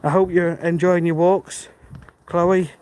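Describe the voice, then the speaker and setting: A man's voice: high-pitched, steady tone, slow, a little mellow, smooth, poor audio. A British man chatting casually to a live stream while walking outdoors, friendly and thinking aloud. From Britain. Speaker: livestream walker reading chat. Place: outdoors on a dark rural road. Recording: faint outdoor background noise. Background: birds and passing cars.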